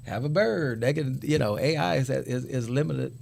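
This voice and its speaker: A middle-aged guest author answers interview questions loosely, rambling and repeating words as he searches for his thoughts. His mid-range voice is a little mellow, with vocal fry, at a moderate pace. There's slight background noise.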